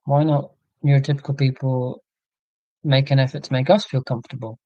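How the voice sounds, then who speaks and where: A man's voice: mid-range voice, little pitch movement, brisk, no room sound, dull audio. A man chatting casually on a livestream, thinking aloud earnestly with many restarts and answering chat comments. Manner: earnest, rambling musing with frequent restarts.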